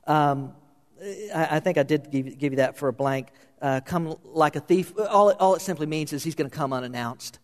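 A man's voice: fairly high pitch, normal speed, big-room sound. A man preaching a sermon, impassioned and at times pleading. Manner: impassioned, rising to pleading intensity. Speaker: pastor.

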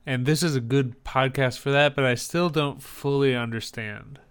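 Male podcast co-host, casual rambling, clean smooth voice, mid pitch. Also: fairly even intonation, normal speed. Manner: rambling, many fillers and restarts. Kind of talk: casual chat.

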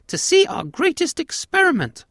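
A man voicing a tiny, proud female alien mouse empress who speaks formally in a high squeak. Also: wildly swooping pitch, moderate pace, a bit bright, no room sound, clean studio sound, exaggerated voice. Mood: regal.

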